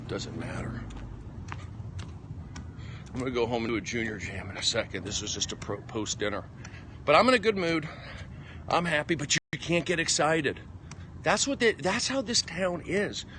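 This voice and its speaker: Male comedian, fairly high voice, excitable rambling phone livestream, faint traffic hiss behind. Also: moderate pace. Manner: excitable, emphatic, jumping between topics. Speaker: stand-up comedian. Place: outdoors on a walk.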